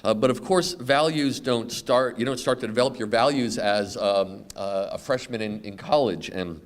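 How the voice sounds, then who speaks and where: A man in his fifties giving an earnest, heartfelt award acceptance speech, halting with many fillers and restarts. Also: mid-range voice. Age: 50s. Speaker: award recipient. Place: awards event.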